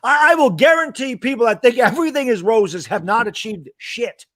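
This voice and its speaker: A man's voice: very high-pitched, animated, normal speed, fairly bright tone, no room sound, studio quality. A man co-hosting a live sports reaction stream, blunt and sarcastic, with mock-cheerful pep talks. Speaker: co-host.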